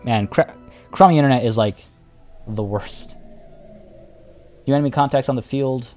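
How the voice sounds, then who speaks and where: A man's voice: mid-range voice, moderate pace, darkish tone, faint music behind. A man giving live commentary on a strategy game, thinking aloud and chatting with his viewers while losing his voice. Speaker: game streamer.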